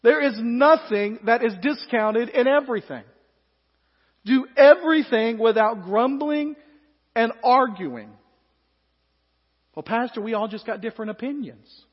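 A male pastor preaching a sermon, moving between hushed, slow passages and loud, emphatic ones. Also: very high-pitched, breathy edge. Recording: echoey hall, dull lo-fi sound.

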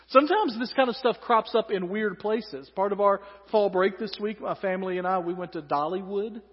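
A man's voice: high voice, normal speed, hardly any pauses, big-room sound, lo-fi sound. A man with a Southern US accent preaching a sermon in a conversational way, with joking asides. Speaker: pastor.

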